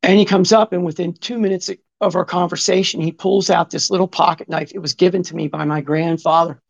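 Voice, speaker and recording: High-sitting and gravelly, this brisk male voice keeps a fairly even intonation. He's in his fifties, spinning a long, profane yarn full of digressions and reported speech, captured on a dull lo-fi recording.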